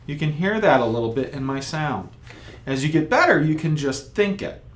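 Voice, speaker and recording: A man with a fairly high voice that swings widely in pitch talks at a normal pace. He's giving a beginner trumpet lesson in an instructional video, patiently explaining each step and vocalizing rhythms along the way.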